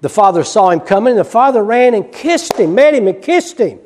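A male preacher with a high voice delivers a sermon in a church sanctuary with a long, ringing reverb. He swings from loud, rapid bursts of emphasis to hushed, slow passages. He drives each point home by repeating it. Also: very animated, slight background noise. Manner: repeats key phrases for emphasis. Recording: long reverb of a large hall.

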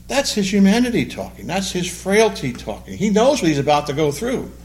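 A man's voice: high-pitched, very animated, a little fast, few pauses, darkish tone. A man preaching a sermon, acting out the voices of the people he quotes. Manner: dramatic, acts out quoted voices. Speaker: pastor.

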